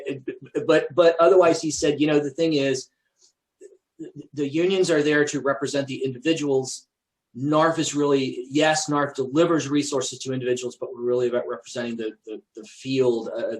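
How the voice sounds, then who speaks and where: A man's voice: medium pitch, rough recording. A man presenting at an association meeting, answering questions in a conversational way with frequent restarts and fillers. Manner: hesitant, many restarts and fillers. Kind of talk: conversational Q&A on a call.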